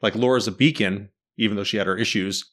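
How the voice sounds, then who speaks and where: A man's voice: on the low side, steady tone, quick pace, a bit bright. A man in casual chat, animatedly breaking down a TV series and quizzing his co-host. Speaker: podcast host discussing a TV series.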